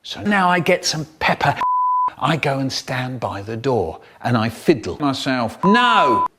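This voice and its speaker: A man telling a comic story about his childhood in a lively, vivid way. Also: mid-range voice, unhurried, noisy background. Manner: lively, vivid storyteller who acts out the scenes. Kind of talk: comic childhood storytelling, chopped by remix edits.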